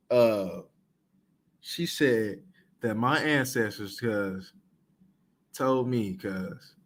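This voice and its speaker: A man hosting a reaction video, giving casual commentary in slang, animated and swinging between loud disbelief and low muttering. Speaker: reaction channel host.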